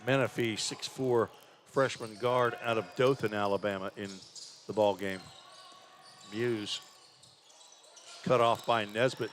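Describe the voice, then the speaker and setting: A man's voice: mid-range voice, fairly even intonation, measured pace, pauses often, fairly bright tone, a little hiss or hum. A man calling college basketball play-by-play in a conversational way, musing aloud about stats and names. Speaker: play-by-play announcer. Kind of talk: live basketball commentary.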